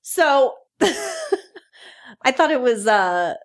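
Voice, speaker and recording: Giggly woman, high and lively. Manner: giggly, playful, quick to laugh. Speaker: podcast co-host. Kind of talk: casual chat.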